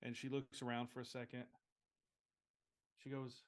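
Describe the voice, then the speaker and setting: A man playing a tabletop game, narrating his character's actions with halting pauses and fillers. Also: mid-range voice, completely flat delivery. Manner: slow, halting, with many fillers. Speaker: player.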